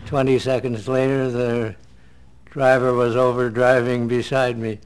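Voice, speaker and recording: Actor in an interview, slow and smooth, deliberate phrasing. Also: male voice, mid-range voice, level tone. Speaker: actor from a classic TV series. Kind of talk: interview anecdote.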